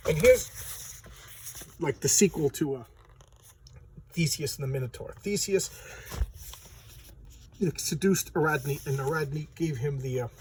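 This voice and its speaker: A man giving a casual, chatty walkthrough of a comic book, retelling the story in loose talk full of "you know" and quick asides. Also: on the high side, a little mellow, slight background noise, poor audio. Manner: acts out characters' lines in quick voices.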